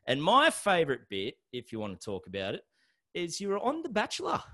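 A man's voice: on the high side, huge pitch swings, bright, forceful tone. An Australian man hosting a podcast, chatting casually and upbeat with a guest. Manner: chatty and upbeat, with quick asides. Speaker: podcast host. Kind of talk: casual interview chat.

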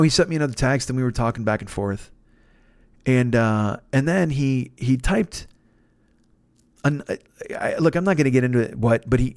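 A man hosting a podcast, telling a long story in a profane, rambling, animated way. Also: mid-range voice, gravelly, no room sound. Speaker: podcast host. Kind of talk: casual storytelling monologue.

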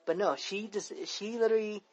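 This is a young man from talking at a rapid clip on a casual podcast. He rambles, circles back on his own words and swears freely as he vents. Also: sits high, a little mellow, husky, dull audio. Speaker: podcast co-host. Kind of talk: casual chat.

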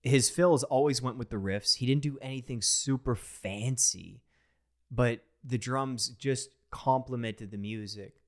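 Excitable young man reacting to music. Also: mid-range voice, a little slow. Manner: excited, rambling, enthusiastic about drums. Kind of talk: casual reaction commentary.

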